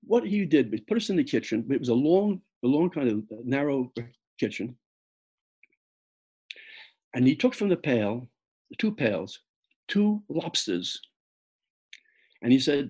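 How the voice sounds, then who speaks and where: A man's voice: medium pitch, big pitch swings, normal speed, pauses often, darkish tone, slightly rough. An older man from the Bronx, an author telling personal stories in a reflective way that halts often and repeats words. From the Bronx, New York. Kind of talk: personal storytelling talk.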